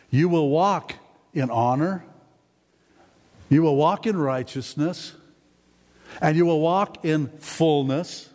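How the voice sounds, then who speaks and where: Man preaching, folksy and rambling, fairly high voice, echo of a church hall. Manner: folksy, rambling, rising to excited emphatic peaks. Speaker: pastor. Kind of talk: sermon. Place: church sanctuary. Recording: long hall reverb in a church.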